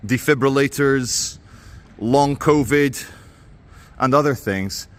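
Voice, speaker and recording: A man's voice: mid-range voice, a bit bright, slight background noise. A man vlogging while he walks outdoors by a waterfront, talking in a sardonic, rambling way into a handheld camera. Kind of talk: walking vlog commentary.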